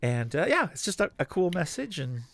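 A man's voice: fairly high pitch, big pitch swings, fairly quick, gravelly, a bit bright, dry recording. A man co-hosting a casual podcast with his wife. He chats playfully, hums little tunes and often trails off mid-sentence. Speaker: podcast co-host. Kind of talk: casual chat.

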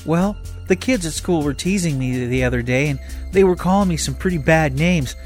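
A man voicing a thoughtful ten-year-old boy zombie who asks earnest questions, over faint music. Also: lightly acted. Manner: earnest, questioning, high and slow.

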